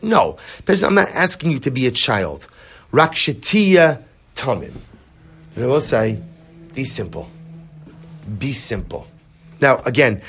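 A man teaching a Chassidic text class, animated, often repeating words and asking his listeners rhetorical questions. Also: mid-range voice, husky.

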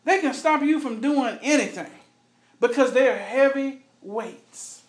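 A man's voice: very high voice, measured pace, echoey room. A man leading a Bible study in an earnest, conversational way, often asking the group questions.

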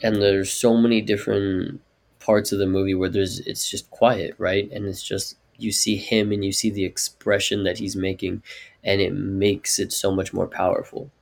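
Give me a playful, wisecracking man with a low, gravelly voice. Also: little pitch movement, moderate pace. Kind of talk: casual chat.

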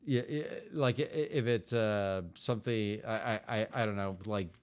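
A man's voice: lowish voice, a little slow, smooth. A man co-hosting a podcast, chatting casually with his partner in a rambling, joking, self-deprecating way. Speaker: podcast co-host.

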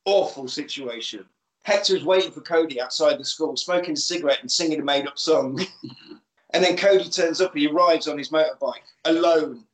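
A man co-hosting a casual podcast, retelling a film with quick put-on voices for its characters. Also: on the high side. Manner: animated, acts out lines in quick put-on voices. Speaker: podcast co-host. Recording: echoey room.

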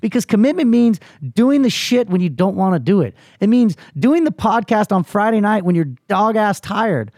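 A man with a somewhat high but mellow voice tells a personal story as a podcast host. He speaks with earnest emphasis, swears freely and presses his listeners with rallying questions. The sound is dry and close. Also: animated, moderate pace, few pauses, no room sound. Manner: rallying, motivational push to listeners.

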